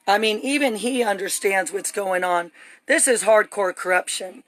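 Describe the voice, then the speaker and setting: A woman's voice: medium pitch, normal speed, a bit bright. A woman streaming live on her phone from inside her home, talking in an urgent, agitated, rambling way. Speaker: livestreamer. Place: home, indoors.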